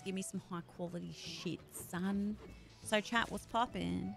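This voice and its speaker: A woman's voice: on the low side, moderate pace, creaky, soft background music. A woman with a sore voice, chatting casually with her live-stream audience while gaming, swearing freely and grumbling.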